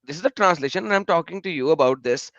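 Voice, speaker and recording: A man voicing a calm male debater who presses his point with patient, insistent questions. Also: a little high, fast, no room sound, highs cut off.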